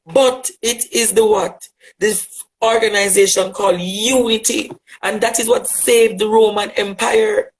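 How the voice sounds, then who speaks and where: He's a Jamaican LGBTQ advocate with a Jamaican accent, giving an impassioned, rhetorical monologue directed at a critic and repeating phrases for emphasis. His high voice holds a steady tone and moves a little slowly. The recording is rough.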